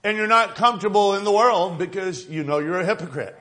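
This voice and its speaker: A man's voice: sits high, a little fast, pushed and bright. A male pastor giving an emphatic evening sermon, repeating phrases and asking his congregation "right?".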